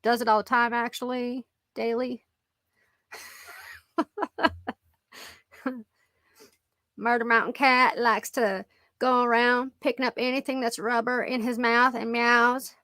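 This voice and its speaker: A woman's voice: a little high, level tone, slow, long pauses, sharp tone, no room sound, clean studio sound. A middle-aged woman hosting a casual live-stream chat, rambling and joking about her pets and laughing often as she reads comments. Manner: rambling and jokey, laughs a lot.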